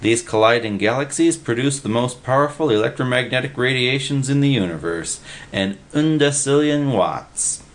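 A man's voice: mid-range voice, lively intonation, moderate pace, pitched above the performer's own voice, lightly acted. A man voicing a lazy, worldly drifter who lectures in a drawling, patronizing manner. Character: lazy, worldly male park-bench drifter, know-it-all.

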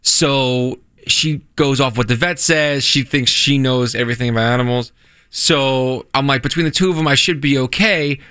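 Bright-voiced rambling man on radio. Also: medium pitch, moderate pace, smooth, no echo, studio quality. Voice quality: rambling, self-interrupting storyteller. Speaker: radio show host. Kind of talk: casual chat.

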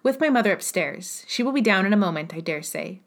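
A woman reading aloud, voicing a quick-witted young woman with a crisp, wry manner. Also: mid-range voice, lively intonation, lightly acted.

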